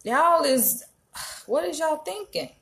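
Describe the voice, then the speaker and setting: Woman vlogger, animated and emphatic, casual commentary. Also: high voice, takes it slowly. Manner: animated, emphatic, frequent profanity.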